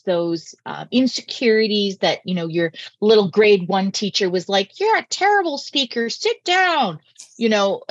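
A woman podcast host and communication coach, talking in a lively, emphatic way. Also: medium pitch, no room sound, highs cut off. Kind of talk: casual interview chat.

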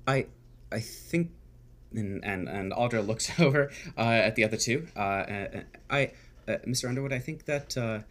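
A man narrating as game master of a tabletop game, talking in halting bursts full of fillers and restarts. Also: mid-range voice, expressive, a bit bright.

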